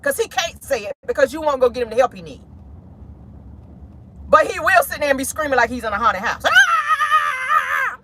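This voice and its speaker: A woman who vlogs about gossip vents from her car in a blunt, foul-mouthed, lively way, squealing mockingly whenever she mimics others. Her voice sits high.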